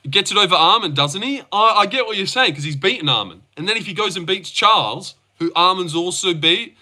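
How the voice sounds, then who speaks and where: A man's voice: sits high, expressive, fairly quick, bright, forceful tone. A young Australian man hosting a livestream, reading out chat and reacting in loose, slangy talk. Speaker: livestream host.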